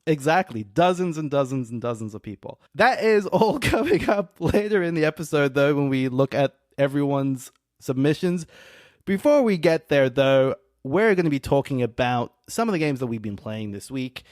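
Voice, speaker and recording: A man's voice: on the high side, lively intonation, normal speed, darkish tone, dry recording, studio quality. Upbeat man hosting a podcast. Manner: upbeat, joking self-assured host. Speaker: podcast host. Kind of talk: casual podcast chat.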